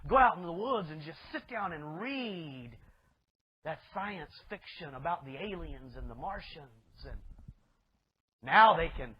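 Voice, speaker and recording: Guy preaching high and emphatic, lots of rhetorical questions, muffled lo-fi recording. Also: animated, unhurried. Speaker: pastor. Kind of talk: sermon. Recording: dull lo-fi recording.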